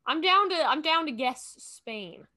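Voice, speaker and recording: A woman playing a guessing game, chatting casually and thinking out loud, often correcting herself mid-sentence. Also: high-pitched, lively intonation, a little slow. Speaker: game streamer. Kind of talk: casual gameplay chat.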